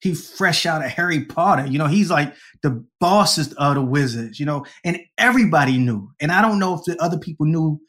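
Animated male storyteller, guest. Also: a little high, brisk, hardly any pauses. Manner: animated, laughs often, acts out quoted people. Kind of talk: conversational storytelling.

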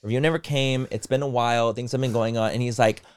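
Fast-talking man recapping gossip. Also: mid-range voice, clean tone, no echo, studio quality. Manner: rapid, animated storytelling with quoted voices. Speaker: podcast co-host. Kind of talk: casual gossip chat.

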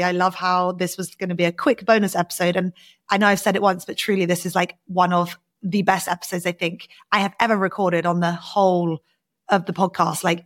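A woman hosting a podcast, speaking with warm, effusive gratitude toward her guest. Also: lowish voice. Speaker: podcast host. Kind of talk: podcast conversation.

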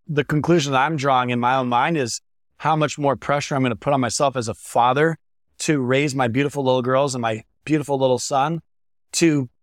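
A man's voice: medium pitch, steady tone, a little fast, no echo, studio quality. A man speaking as a guest on a podcast, earnest and reflective, sharing heartfelt thoughts. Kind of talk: reflective interview chat.

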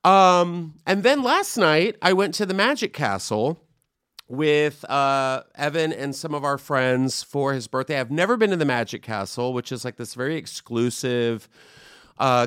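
A man hosting a podcast, telling a chatty, animated story in casual conversation. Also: a little high, smooth, dry recording, studio quality. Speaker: podcast host. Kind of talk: casual chat.

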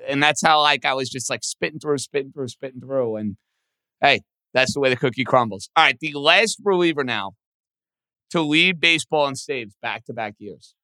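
Lively, bright-voiced sports radio host. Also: male voice, medium pitch, normal speed, no room sound. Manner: animated, thinks out loud, self-deprecating. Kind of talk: casual sports talk, answering trivia.

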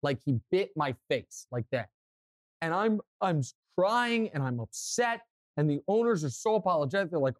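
A young man co-hosting a sports podcast, telling stories and giving strong opinions in an animated way. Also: on the high side, normal speed, no echo, clean studio sound. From Kansas City, US. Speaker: podcast co-host. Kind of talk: casual sports talk.

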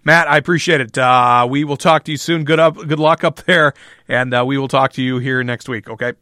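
Bright-voiced radio show host. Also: male voice, mid-range voice, steady tone, a little fast, no echo, studio quality. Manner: friendly, summarizing, plugs the guest. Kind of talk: radio talk show hosting.

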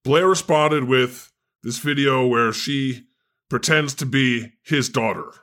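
A man hosting a comedy podcast, excitable, laughing often and swearing. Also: mid-range voice, takes it slowly. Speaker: podcast host.

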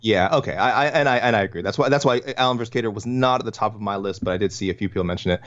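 A man's voice: on the low side, a bit bright, muffled recording. A Canadian man co-hosting a casual sports podcast, rambling and often correcting himself mid-sentence. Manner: quick, rambling, self-correcting. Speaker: podcast co-host.

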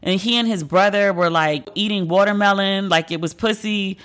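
A woman's voice: mid-range voice, normal speed, fairly bright tone. A woman host in casual chat, telling candid, profane stories with playful acted asides. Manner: candid, profane, gossipy storytelling.

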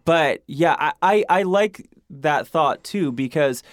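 A podcast host from Michigan with a Midwestern accent, talking casually, laughing often and using many fillers. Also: male voice, on the high side, expressive, slow, dry recording, clean studio sound. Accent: Midwestern American. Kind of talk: casual chat.

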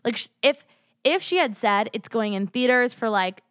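Young woman, sick, animated chatty rant, dry closeup sound. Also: fairly high pitch, moderate pace, clear, resonant tone, no room sound. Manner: animated, heavy use of "like", swears freely. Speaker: podcast host. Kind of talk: casual opinion chat.

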